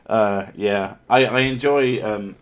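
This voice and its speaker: A man's voice: fairly low pitch, slow pace. A man hosting a podcast, trading crude jokes in casual chat. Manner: crude, joking banter with bursts of silly voices. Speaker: podcast host.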